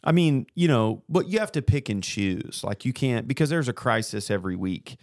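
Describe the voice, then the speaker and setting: Animated man hosting a podcast. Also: medium pitch, normal speed, dry recording, studio quality. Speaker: podcast host. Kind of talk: casual chat.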